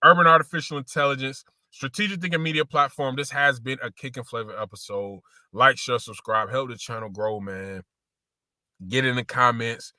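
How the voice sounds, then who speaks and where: Bright-voiced man doing slangy sneaker talk. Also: mid-range voice, normal speed, no echo, studio quality. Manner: slangy, repeats phrases, addresses viewers as y'all. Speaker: sneaker show host. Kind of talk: casual sneaker commentary.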